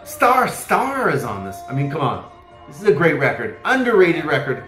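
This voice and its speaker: A man's voice: a little high, sing-song, normal speed, a bit bright, echoey room, soft background music. A man casually reviewing records from his collection, enthusiastic and rambling, full of fillers and exclamations. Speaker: vinyl collector vlogger.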